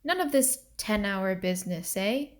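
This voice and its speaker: A woman's voice: mid-range voice, animated, natural voice. A woman reading a stern male mill agent. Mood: formal. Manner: formal, measured, questioning.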